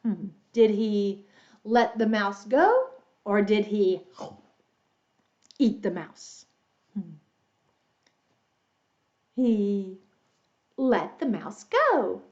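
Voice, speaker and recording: Slow, animated woman teacher reading to kids. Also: muffled recording. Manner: animated, adds roars and squeaks for the animals; explains words and quizzes young listeners. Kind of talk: reading a children's story aloud.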